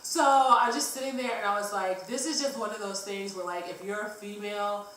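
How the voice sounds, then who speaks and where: A woman's voice: medium pitch, steady tone, a little fast, fairly bright tone, a little hiss or hum. A woman vlogger telling a travel story in a rambling, casual way, with lots of fillers and some swearing. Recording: echoey room, distant mic.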